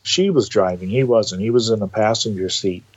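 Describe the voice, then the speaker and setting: A man telling a personal story in a casual, animated way, acting out the quoted dialogue. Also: on the low side, normal speed, breathy edge, dull audio. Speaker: guest telling of entity encounters.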